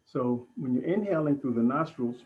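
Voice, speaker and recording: A man teaching breathing techniques in an online class, giving calm, deliberate instructions with pauses. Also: mid-range voice, narrow, tinny audio. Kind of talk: guided breathing lesson.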